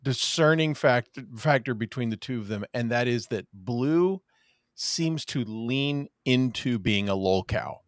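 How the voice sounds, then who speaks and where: A man's voice: medium pitch, expressive, measured pace, no echo. A man co-hosting a casual comedic podcast, hesitant, with frequent ums and restarts and dry jokes. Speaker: podcast co-host.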